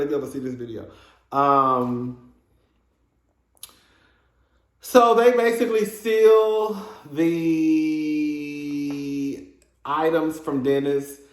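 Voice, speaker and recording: With a slightly high voice and reverberant sound, a man offers a sassy review of a reality show episode. It's casual, gossipy commentary, animated, with lots of laughing asides and "girl" thrown in.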